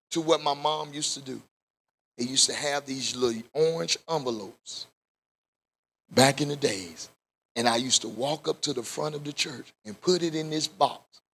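A man a Bible study sermon in call-and-response style, rising to shouts at the peaks. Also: on the high side, normal speed, creaky, slightly rough. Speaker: pastor.

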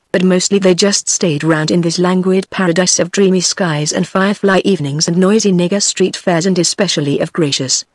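Brief: computer-voiced British woman, audiobook narration, steady, dry studio sound. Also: lowish voice, no echo. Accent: British English. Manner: even, steady synthetic reading. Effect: text-to-speech voice. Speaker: audiobook reader. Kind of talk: scripted narration.

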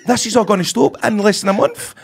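A man's voice: high voice, fast talker, vocal fry. A young Scottish man co-hosting a football podcast, talking in casual banter with a lot of laughter and swearing. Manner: animated, sweary, laughs often. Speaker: podcast co-host.

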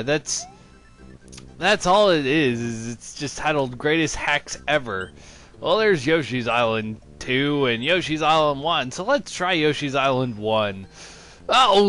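A man talks over a video game in a slow, unhurried drawl, full of sarcastic, mock-excited remarks. Faint game music plays underneath his voice. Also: on the high side. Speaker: let's-play commentator. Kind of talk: sarcastic gameplay commentary.

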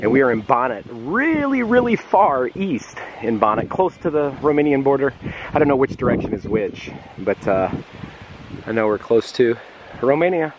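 A man in his forties from the United States, chatting casually and excitably as he walks and vlogs outdoors, out of breath on a climb. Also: mid-range voice, highs cut off. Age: 40s. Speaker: travel vlogger. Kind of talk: casual walking vlog. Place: outdoors in a windy town and hillside. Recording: wind noise on outdoor mic.

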